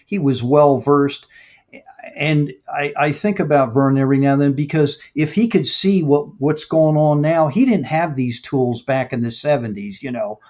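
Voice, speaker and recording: A man's voice: a little high, moderate pace, darkish tone. Chatty man hosting, lo-fi audio. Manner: chatty, laughs often while reading viewer comments aloud. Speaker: host. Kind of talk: casual live-stream interview. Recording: dull lo-fi stream audio.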